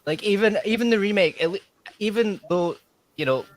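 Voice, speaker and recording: A man's voice: high-pitched, moderate pace. A young man chatting about horror movies, rambling with fillers. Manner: rambling, laughing, filler-heavy. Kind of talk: casual movie commentary.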